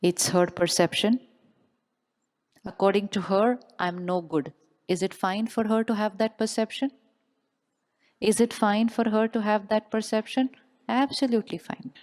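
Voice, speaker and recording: A woman's voice: medium pitch, steady tone, a little slow, long pauses, a little mellow. A woman giving a motivational spiritual talk to a live audience, often asking questions and repeating them. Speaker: spiritual speaker. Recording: long hall reverb.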